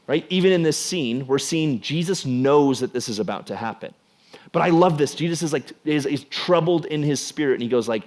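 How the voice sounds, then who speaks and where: A young man preaching a casual youth sermon, animated and jokey, acting out the scenes. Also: medium pitch, moderate pace. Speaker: youth pastor.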